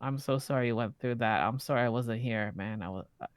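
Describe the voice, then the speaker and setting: Low-voiced woman, blunt and swearing. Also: fairly quick. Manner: blunt, concerned, swears and calls people "man". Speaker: fellow player in a city role-play game. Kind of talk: in-character role-play chat.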